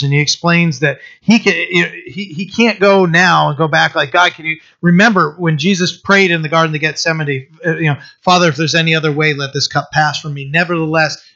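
A man preaching a sermon and reading scripture, talking haltingly with many fillers and restarts. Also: a little high, bright, forceful tone. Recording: dull lo-fi recording.

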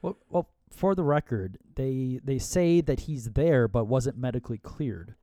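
A man's voice: medium pitch, expressive, measured pace, warm tone, no echo. A man co-hosting a podcast in casual chat, making dry, understated quips. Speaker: podcast co-host.

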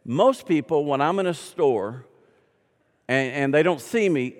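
A man with a Southern accent preaching an Easter sermon as pastor, going from hushed to loud and emphatic. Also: fairly high pitch, animated, measured pace, in a large hall.

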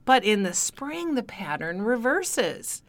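A woman's voice: on the high side, sing-song, takes it slowly. Casual woman podcast co-host. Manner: conversational, quizzing her co-host with fillers. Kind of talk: casual chat, summarizing a book.

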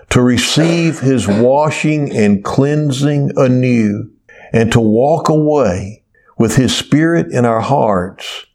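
A man preaching a sermon as pastor, telling stories in a slow, deliberate way and stretching out key words. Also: medium pitch, darkish tone.

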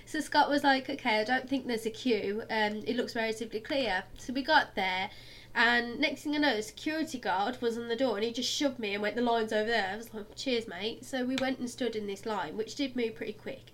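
A young woman, co-hosting a casual chat and telling stories in a lively, animated way. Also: fairly high pitch, brisk, hardly any pauses. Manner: chatty, animated storyteller who mimics people loudly. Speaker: podcast co-host.

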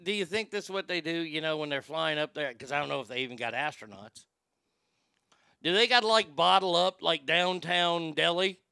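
A man's voice: a little high, creaky, sharp tone, clear, resonant tone, no echo, studio quality. A man hosting a livestream in casual commentary, rambling with stammered restarts and a mocking tone. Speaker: livestream host.

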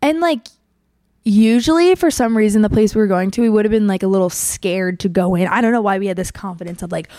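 A woman's voice: medium pitch, fast talker, mellow, no room sound. Chatty candid young woman, dry close sound. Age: young adult. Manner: chatty and candid, acting out quotes with swearing. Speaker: podcast host. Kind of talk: casual storytelling monologue.

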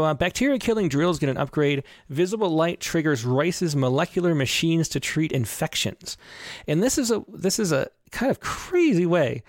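A man's voice: on the high side, no echo, studio quality. A man hosting a podcast, talking casually and rambling with many fillers. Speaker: podcast host.

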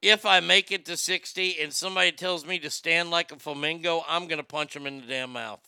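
A man's voice: a little high, fairly even intonation, brisk, pushed and bright, smooth, no room sound. A man giving a sarcastic, profane comedy rant about a news story and reading chat aloud.

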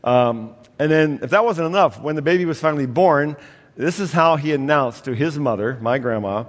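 A man's voice: on the high side, animated, moderate pace. A man preaching a sermon as a pastor, telling a family story with humor and a slight cough. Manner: storytelling with humor, acting out voices in a family anecdote. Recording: long hall reverb.

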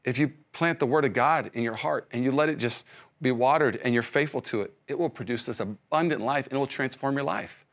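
A male pastor giving a sermon, speaking conversationally with many restarts and swinging between loud emphasis and soft hushed lines. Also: mid-range voice, brisk. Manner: frequent fillers and restarts, conversational preaching.

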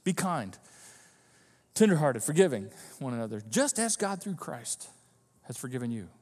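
A man's voice: medium pitch, moderate pace, in a large hall. A male pastor preaching a sermon, acting out the voices of his listeners as he goes. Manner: animated, acts out quoted voices of listeners. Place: church hall.

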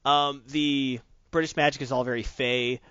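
A man's voice: mid-range voice, steady tone, moderate pace, a bit bright, clean tone, no room sound. Enthusiastic rambling man, dull dry sound. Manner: enthusiastic, rambling with many restarts. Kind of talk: casual chat about tabletop games.

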